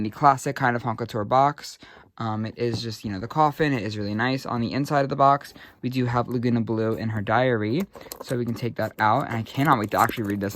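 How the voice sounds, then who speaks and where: A young man giving a casual doll unboxing review, excitable and gushing, with lots of fillers. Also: mid-range voice, no echo.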